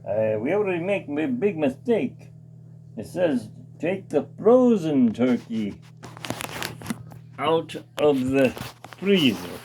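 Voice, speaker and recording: A man's voice: on the high side, sing-song, takes it slowly, long pauses, warm tone, slight background noise. A man hosting his own casual cooking demonstration in a home kitchen, chatting and reading package steps aloud with comments. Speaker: home cooking show host.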